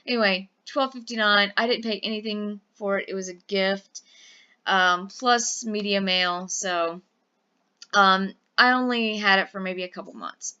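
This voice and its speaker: A woman's voice: medium pitch, fairly even intonation, a little slow, bright, forceful tone, clear, resonant tone, muffled recording. A woman from Louisiana chatting casually about her eBay sales, rambling with lots of fillers. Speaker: eBay reseller vlogger. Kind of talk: casual chat.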